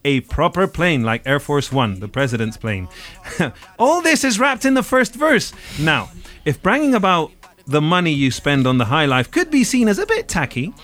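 A man's voice: fairly high pitch, sing-song, normal speed, a bit bright. A man hosting a podcast, chatting casually about music in a wry, rambling way. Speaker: podcast host.

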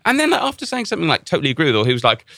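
A man's voice: fairly high pitch, huge pitch swings, racing, vocal fry, fairly bright tone, no room sound, studio quality. A man hosting a casual chat, telling a story animatedly with lots of restarts.

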